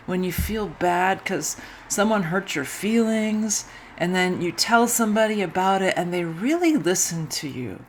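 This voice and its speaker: Slow, gentle woman storyteller. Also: lowish voice, lively intonation, a little hiss or hum. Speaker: intern minister. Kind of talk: children's story retold in a church service.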